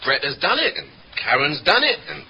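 An actor playing a pushy young boyfriend, brash and persuasive, in a radio sitcom. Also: male voice, on the high side, very animated, fairly quick, vocal fry, pushed and bright, highs cut off, full character voice. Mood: persuading. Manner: brash, wheedling.

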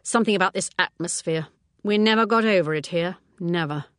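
A woman's voice: on the low side, a little fast, fairly bright tone, dry recording, studio quality, natural voice. A woman reading the part of an anxious older spinster sister who talks in fretful, trailing-off sentences. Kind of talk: audiobook character reading.

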